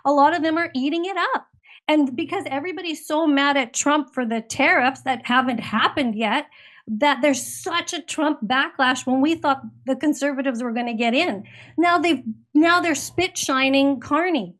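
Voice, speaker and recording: A woman's voice: high-pitched, normal speed, a bit bright. A middle-aged woman from Canada talks politics in casual chat, rambling and emphatic, and she sounds indignant. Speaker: guest commentator.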